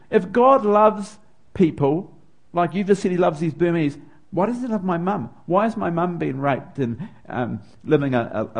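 A middle-aged preacher from New Zealand, with a New Zealand accent and a fairly high, slightly mellow voice, tells a personal story in his sermon. His emotion rises as he speaks.

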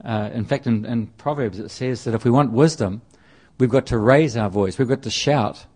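A man's voice: medium pitch, moderate pace, a little mellow, husky. A man preaching a sermon in a conversational way, often restarting and repeating phrases as he reads and explains scripture. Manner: conversational, with frequent restarts and repetition.

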